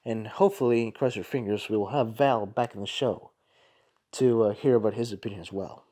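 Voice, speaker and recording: A man's voice: lowish voice, a little fast, mellow. A man hosting a casual soccer review show, talking in a rambling, chatty way and often correcting himself. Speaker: host.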